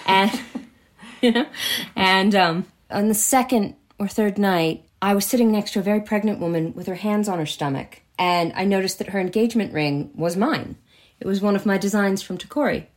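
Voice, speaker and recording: American woman spinning a lively story, acts out everyone in it, mid pitch. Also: normal speed. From United States. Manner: lively, acts out quoted voices in her stories. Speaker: author and jewelry designer, podcast guest. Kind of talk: animated anecdotal storytelling.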